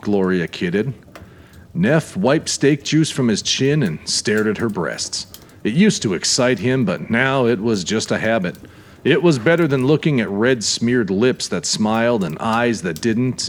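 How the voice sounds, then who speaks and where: Lively-voiced male audiobook narrator. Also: mid-range voice. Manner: measured, deliberate storytelling.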